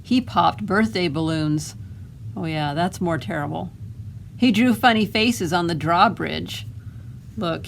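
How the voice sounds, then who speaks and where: A woman children's librarian reads a picture book aloud, slow and unhurried, with a voice that sits a little low. She keeps it gentle and friendly, pausing to ask the little listeners questions, over a faint hiss in the background. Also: creaky, low-quality recording.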